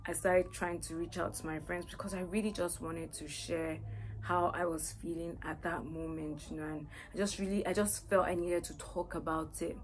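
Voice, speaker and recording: A woman's voice: lowish voice, flat delivery, moderate pace, slight background noise. A woman sharing a personal faith testimony in an earnest, repetitive way. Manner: earnest, repeats herself with many "you know"s.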